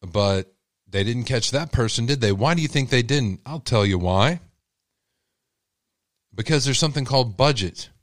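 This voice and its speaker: A man's voice: medium pitch, animated, moderate pace, pauses often, no room sound, clean studio sound. A man from Texas with a Texan accent, hosting a true-crime channel and talking to his viewers in blunt, heated, rambling commentary.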